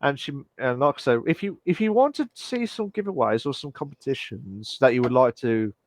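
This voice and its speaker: A man's voice: medium pitch, lively intonation, brisk. Man wrapping up a podcast. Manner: rambling, thanks the chat often. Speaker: podcast co-host. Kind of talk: casual chat.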